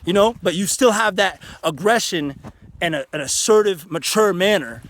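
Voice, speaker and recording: A man's voice: high voice, lively intonation, moderate pace, a bit bright. A man vlogging outdoors in a canyon, giving a casual motivational talk that is earnest, frank and full of swearing. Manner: earnest, frank and profane, with many restarts.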